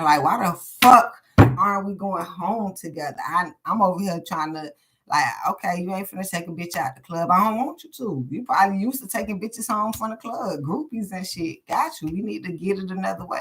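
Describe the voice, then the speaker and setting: Low-voiced, foul-mouthed woman reading tarot. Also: a bit bright. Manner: profane, candid and rambling, thinking aloud. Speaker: tarot card reader. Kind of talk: casual live-stream tarot reading.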